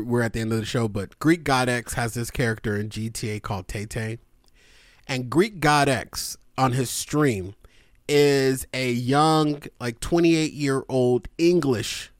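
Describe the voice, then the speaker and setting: Man, podcast co-host, casual excited chat, laughs a lot, dry recording. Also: medium pitch, a little slow, no echo. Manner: excited, swearing, laughing while telling.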